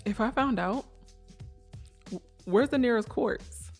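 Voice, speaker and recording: A young woman co-hosting a casual podcast with her partner, animated and teasing, with a Black way of talking. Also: on the high side, faint music behind. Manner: animated, teasing, quick bursts of loud emphasis. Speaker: podcast co-host. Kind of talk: casual couple chat.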